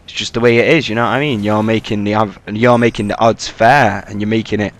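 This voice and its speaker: A man's voice: fairly low pitch, fairly even intonation, fast. A young man giving casual, rambling freestyle commentary over his own gameplay, swearing and using lots of fillers. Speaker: gaming commentator.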